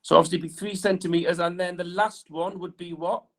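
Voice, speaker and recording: A man's voice: high-pitched, steady tone, fast, fairly bright tone. A male teacher giving an engineering lesson in a classroom. He talks while drawing on the board and keeps checking in with "right?" tag questions.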